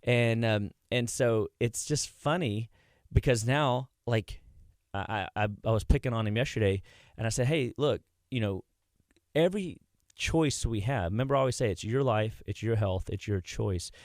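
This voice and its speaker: A man's voice: medium pitch, normal speed, darkish tone, no echo, clean studio sound. A man working at a health clinic, a guest on a radio show, telling rambling anecdotes with many restarts in a casual chat. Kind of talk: casual radio interview storytelling. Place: radio studio.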